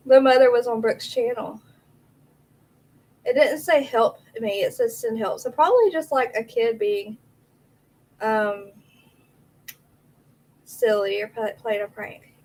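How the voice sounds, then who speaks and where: A woman's voice: a little high, takes it slowly, long pauses, a little mellow, rough recording. A woman, hosting a casual livestream, chatty and reacting aloud to viewer comments, a little out of breath. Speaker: livestream host.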